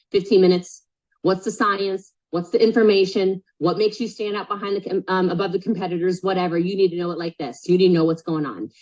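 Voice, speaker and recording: A woman's voice: medium pitch, darkish tone, rough recording. A woman coaching a group live on a sales call, super direct and emphatic, repeating key points and checking in with frequent "okay?" questions. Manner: casual, swears, checks in with "okay?".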